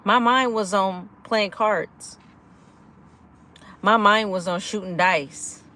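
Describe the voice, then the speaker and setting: A woman hosting a casual livestream, energetic and giggly, laughing often while she chats with viewers and answers their comments. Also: mid-range voice, slow pace. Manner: chatty, with frequent fillers like "like" and "y'all". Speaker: livestream host of a gambling recovery channel.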